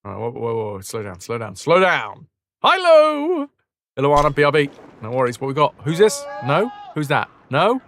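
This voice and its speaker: A man's voice: mid-range voice, animated, brisk, fairly bright tone, slight background noise. Chatty man streaming a game. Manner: chatty, jokey, talks to chat and the game. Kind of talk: live gameplay commentary.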